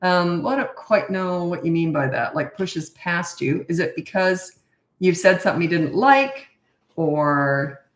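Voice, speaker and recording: Middle-aged woman, parenting coach, blunt and chatty, lowish voice, echoey room. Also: lively intonation, a little slow. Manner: blunt, matter-of-fact, chatty asides. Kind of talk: casual Q&A advice. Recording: roomy echo.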